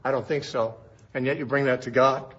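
A man's voice: medium pitch, fairly even intonation, fairly quick, a bit bright, slightly rough. A man teaching through a Bible passage verse by verse in a conversational way, asking rhetorical questions as he explains. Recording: dull lo-fi recording.

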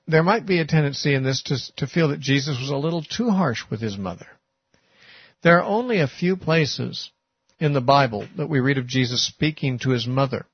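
A man's voice: medium pitch, breathy edge, no room sound. A man giving a sermon-style Bible teaching, talking conversationally with frequent "uh" and "you know". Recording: muffled, lo-fi recording.

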